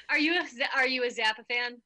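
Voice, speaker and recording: Bright-voiced chatty woman host. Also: a little high. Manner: chatty, laughs often, many fillers. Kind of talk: casual chat.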